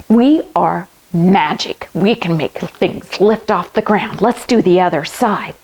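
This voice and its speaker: A woman's voice: on the low side, slow, few pauses, a little mellow, husky, poor audio. A woman leading a children's yoga lesson in a playful, make-believe storytelling manner.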